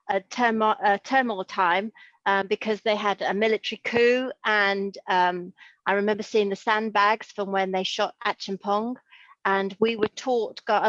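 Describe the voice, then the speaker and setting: A woman's voice: mid-range voice, no room sound, dull audio. A middle-aged woman from Liverpool, a consultant podiatrist, talking chattily and with enthusiasm in an interview over a video call. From Liverpool, England. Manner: chatty, enthusiastic, full of asides.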